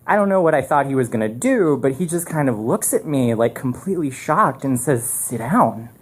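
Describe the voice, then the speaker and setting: A man tells a story on a live stage through a microphone, his delivery animated and rambling. He circles back with restarts and fillers as he builds the scene, in a loose, spoken style rather than a polished read. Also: medium pitch, fairly quick.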